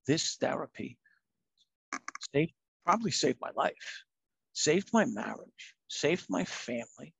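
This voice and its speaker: A man's voice: a little high, vocal fry, slightly rough, no room sound. A middle-aged man, a retired fire captain telling his own story in a candid, earnest, plain-spoken way.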